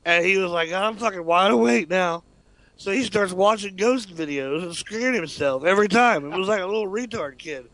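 Excitable man telling a funny story. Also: sits high, a little fast. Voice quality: animated, swearing, laughs often. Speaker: radio show co-host. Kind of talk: casual storytelling chat.

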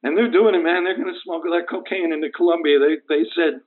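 A man playing a battered, sentimental young football player who rambles and wavers between mumbles and high cries over the phone. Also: steady tone, fast talker, lightly acted. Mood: bewildered. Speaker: caller. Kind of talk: comic prank call. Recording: tinny phone line.

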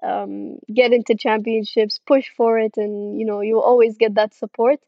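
A young woman with a fairly high voice answers a remote interview in a friendly, halting way, full of fillers and quick laughs. The sound is dry and dull, like a lo-fi video call with no room around her. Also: level tone, vocal fry, no echo. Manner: friendly, hesitant with many fillers, laughs often. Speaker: karting driver guest.

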